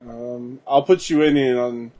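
A young man chatting casually during a wrestling game. He talks in a laid-back, dry way. His pitch sits in the middle. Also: fairly even intonation, a little slow, warm tone. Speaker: co-host playing a wrestling game. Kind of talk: casual chat over gameplay.

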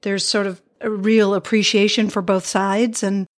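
A woman's voice: mid-range voice, little pitch movement, moderate pace. A woman hosting a podcast interview, speaking thoughtfully and hedging with "sort of" and "you know.". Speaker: podcast host. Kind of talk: casual interview chat.

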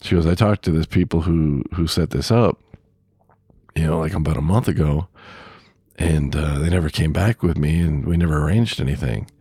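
A man with an extremely deep, gravelly voice talks through a podcast monologue in a loose, rambling way, full of fillers and little chuckles. The voice is husky and sits close and dry on the mic. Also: normal speed, dark tone, no echo. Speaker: podcast host; truck driver. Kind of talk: casual spoken monologue.

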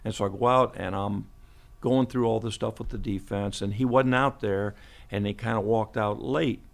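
Gravelly older man telling stories. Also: lowish voice, fairly even intonation, normal speed. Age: 70s. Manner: chuckling, rambling anecdotes with restarts. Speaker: football coach, guest. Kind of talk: storytelling interview. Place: podcast studio.

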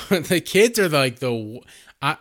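A man's voice: fairly high pitch, very animated, slow pace. A man co-hosting a podcast, reviewing a movie in casual chat, rambling with frequent laughs and swearing. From United States. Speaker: podcast co-host.

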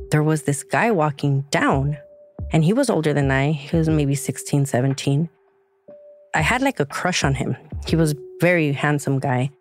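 A woman's voice: deep voice, a little mellow. A woman, reflecting on her past in an emotional personal story, close to tears at times. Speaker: guest, younger sister.

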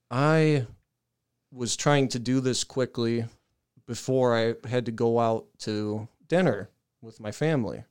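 Young guy rambling through a sweary podcast story, smooth clear voice, laughs a lot. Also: medium pitch. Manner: profane, animated storytelling with laughs. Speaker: podcast co-host.

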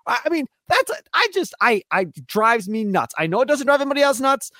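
Man, sports radio co-host, high voice, very animated, ranting, dry studio sound. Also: fairly quick, hardly any pauses, no echo. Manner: excitable, ranting, mock voices for players.

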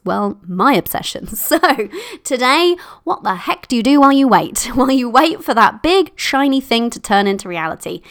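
A woman hosting her own podcast, bubbly and playful, going sing-songy when she gets excited. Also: on the high side. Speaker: podcast host and success coach. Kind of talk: solo podcast talk.

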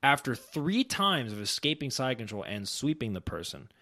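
A man's voice: medium pitch, moderate pace. A young man co-hosting a podcast, telling stories and trash talking in casual banter. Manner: animated storytelling, trash talk. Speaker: podcast co-host.

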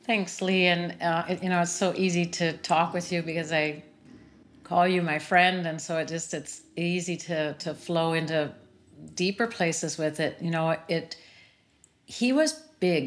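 Earnest, reflective woman with a lower voice. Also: steady tone, unhurried. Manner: reflective, earnest, many "you know" fillers. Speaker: sound healer and interview series host, as guest. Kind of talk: personal conversation about grief.

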